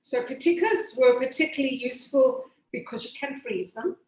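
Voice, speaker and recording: A woman's voice: high-pitched, moderate pace, a little mellow. A woman pastry chef from Zimbabwe giving a chatty step-by-step cooking demonstration with plenty of fillers. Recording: echoey room.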